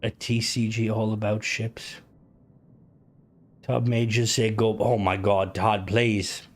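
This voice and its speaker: A man's voice: on the low side, little pitch movement, slow. A man streaming and chatting casually, rambling with lots of fillers, restarts and swearing. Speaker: game streamer. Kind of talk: casual live-stream chat.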